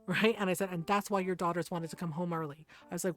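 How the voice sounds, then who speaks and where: A woman's voice: on the low side, fairly even intonation, fast, fairly bright tone, faint music behind. A woman streamer telling a story while gaming, swearing freely, laughing often and heatedly quoting herself. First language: Tagalog.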